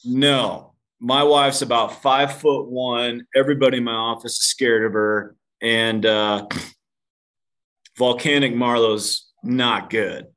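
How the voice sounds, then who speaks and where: His voice sits in the mid-range, steady and a bit bright, and he takes his time. As a podcast guest, he opens up about a personal story, laughing at his own expense, cursing casually, and calling the host "dude."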